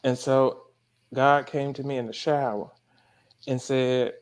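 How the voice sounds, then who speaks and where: A man's voice: mid-range voice, fairly even intonation, slow, clean tone. A man, a life coach and guest, telling a story in a casual spiritual chat. He laughs often and curses casually.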